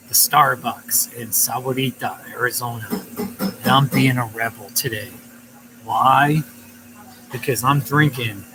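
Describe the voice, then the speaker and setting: A man's voice: medium pitch, background noise. A man chatting casually on a live stream from a coffee shop, greeting viewers by name in a playful, chuckling way.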